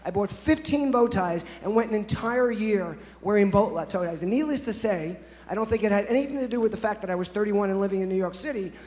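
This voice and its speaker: A man in his fifties with a notably high voice tells playful stories to a conference crowd and keeps talking straight to the listeners. His voice rings with the long echo of a big conference hall. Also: fast, hardly any pauses, darkish tone. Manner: playful, anecdotal, addresses the audience directly. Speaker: conference presenter. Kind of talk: storytelling keynote talk. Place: conference stage.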